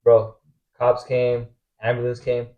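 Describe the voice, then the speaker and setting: A man's voice: medium pitch, slow pace, highs cut off. A young man from Argentina, a professional soccer player, telling a story as a podcast guest with lots of casual fillers. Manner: animated, heavy slang fillers like bro and like.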